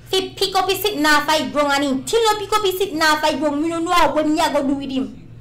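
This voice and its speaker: A woman voicing a loud, scolding rural Jamaican villager with a country Jamaican accent. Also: high-pitched, fast talker, pitched above the performer's own voice.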